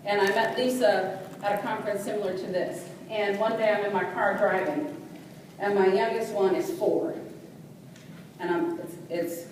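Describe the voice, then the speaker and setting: Animated woman telling a story in an echoey hall. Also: mid-range voice, normal speed. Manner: animated, sassy, preacher-like call and response. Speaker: motivational speaker. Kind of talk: storytelling talk to a live audience. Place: large hall with audience. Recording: echoey hall from far off, noisy.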